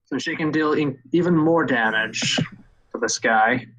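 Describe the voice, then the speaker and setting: A man running a tabletop game as game master, thinking aloud with hesitant pauses. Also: mid-range voice, background noise.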